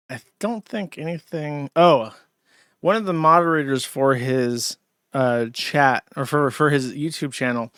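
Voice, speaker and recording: A man's voice: mid-range voice, a bit bright, no room sound, studio quality. A man hosting a stream, giving crude, sardonic commentary on clips he plays. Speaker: streamer host. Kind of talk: casual commentary.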